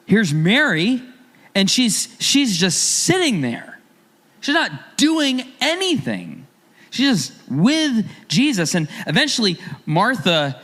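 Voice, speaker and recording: A man's voice: high-pitched, fairly bright tone. A man preaching a sermon as a pastor, talking in a conversational way and asking his listeners rhetorical questions.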